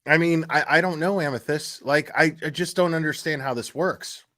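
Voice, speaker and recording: A man's voice: fairly high pitch, moderate pace, bright, forceful tone. A man hosting a casual commentary stream, talking bluntly with lots of fillers, restarts and swearing, sounding exasperated. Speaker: YouTube commentary host.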